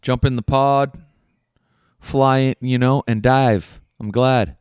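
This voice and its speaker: A man delivers an earnest self-help monologue as a podcast host, coaching the listener with question after question and swearing casually. His voice is smooth and resonant at an ordinary pitch. The sound is dry and close. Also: steady tone, slow, no echo.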